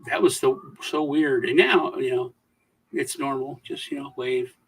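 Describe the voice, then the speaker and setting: A man's voice: mid-range voice, steady tone, unhurried, far from the mic, slight background noise, poor audio. A man co-hosting a casual livestream chat, rambling through stories with many restarts and fillers. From United States. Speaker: livestream co-host.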